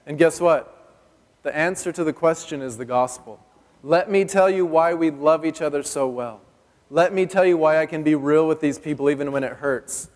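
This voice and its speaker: The sermon comes from a man whose voice runs on the high side, darkish in tone and moderately paced, ringing with church-hall reverb. He's chatty and funny, asking his congregation questions.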